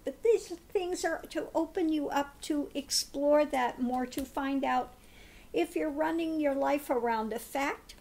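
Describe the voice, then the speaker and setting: A woman's voice: high voice, darkish tone. A woman giving a spiritual tarot card reading in a meandering way, often laughing. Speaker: tarot reader.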